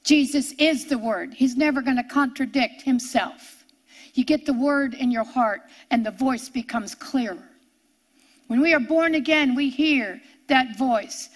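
A woman's voice: sits high, unhurried. A woman preaching a sermon, emphatic and repeating her points for force.

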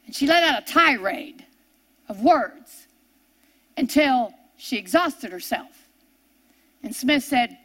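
High-pitched older woman preacher, emphatic storytelling with repeats and hushed turns. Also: lively intonation, takes it slowly, pauses often. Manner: repeats words and phrases, dramatic swings from emphatic to hushed. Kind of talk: sermon storytelling.

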